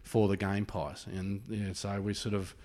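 A man's voice: lowish voice, flat delivery, measured pace, a little mellow. An Australian man who owns a pie shop, chatting casually in an interview and rambling with plenty of "sort of" fillers. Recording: reverberant room.

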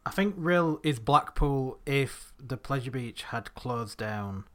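A man's voice: medium pitch, lively intonation, slow, fairly bright tone. A man co-hosting a podcast in casual chat, rambling and correcting himself as he goes. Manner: rambling, reminiscing with self-corrections. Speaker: podcast co-host.

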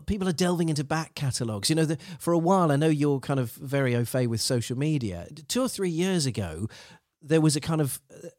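A man's voice: fairly high pitch, darkish tone, no room sound, clean studio sound. A man hosting a casual podcast interview, agreeable and conversational, asking long winding questions. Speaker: podcast host.

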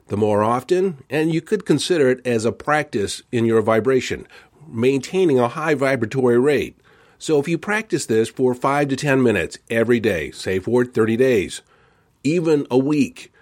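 A man's voice: mid-range voice, a little mellow. A man hosting a self-help podcast, talking earnestly and stressing repeated phrases with a set tonality. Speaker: podcast host.

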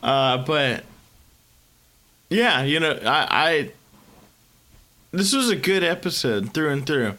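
A man with a scratchy, under-the-weather voice chats casually as a podcast co-host. He talks slowly and easily, with a fairly high, bright tone, and drops a curse here and there. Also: lively intonation. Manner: slow, laid-back, swears casually. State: sick, scratchy voice. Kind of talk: casual chat.

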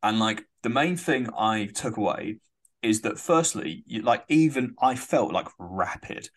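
A man's voice: on the low side, lively intonation, measured pace. A man, co-hosting a casual sports podcast, chatty and swearing. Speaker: podcast co-host.

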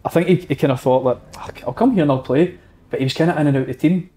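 A man telling a relaxed, chatty anecdote. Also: on the high side, racing, breathy edge. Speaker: guest telling a story. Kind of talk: casual anecdote.

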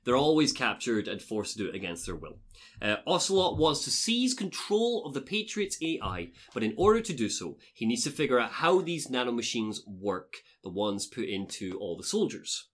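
A man's voice: medium pitch, very animated, moderate pace, a bit bright. A man hosting a podcast, recapping a story in casual chat and swearing freely. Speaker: podcast host recapping game lore.

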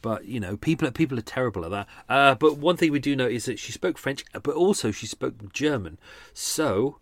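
A man's voice: mid-range voice, animated, fairly quick, dry recording. A man hosting a podcast, talking casually in a rambling, hesitant way with many restarts, then running a quiz. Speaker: podcast host.

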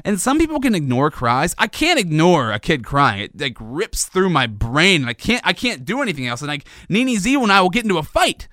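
A man hosting a show, telling a long comic story in a rambling, animated way. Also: on the high side, brisk, hardly any pauses, dry recording, studio quality. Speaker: host, father of a toddler. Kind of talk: comedic monologue.

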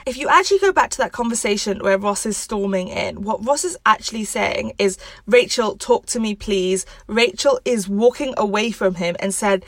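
A woman's voice: mid-range voice, animated, fairly quick, hardly any pauses, a bit bright, no room sound. A woman hosting a show, giving relationship advice in a direct, analytical and firm way. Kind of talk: explanatory advice commentary.

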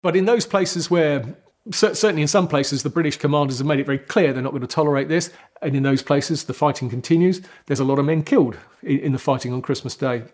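Thoughtful man, slightly high voice. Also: fast, darkish tone. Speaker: historian. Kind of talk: documentary interview.

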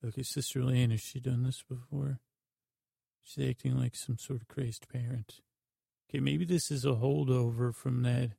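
A man's voice: mid-range voice, flat delivery, moderate pace, creaky, dark tone, no echo, clean studio sound. A man playing a tabletop role-play game in character, flustered and stammering as he protests. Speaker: player.

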